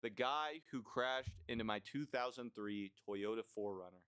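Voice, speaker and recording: A young man rattles off his grievances in a blunt, profane, rambling manner, stopping often for fillers and restarts. His voice is smooth and clear, at a middle pitch. The recording is dry and close, with almost no room sound. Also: moderate pace, fairly bright tone, no echo. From United States. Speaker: vlogger. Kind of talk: ranting list monologue.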